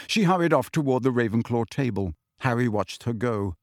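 In a clean studio recording with no audible room, a male narrator reads an audiobook with expressive storytelling. His voice is mid-range and his pace moderate.

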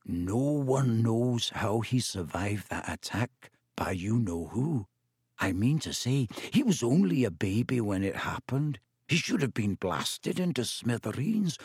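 A man voicing a stout, stubborn schoolboy who talks slowly and solemnly in a hushed, conspiratorial way. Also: mid-range voice, creaky, husky, no echo, studio quality, exaggerated voice. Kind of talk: audiobook character voice.

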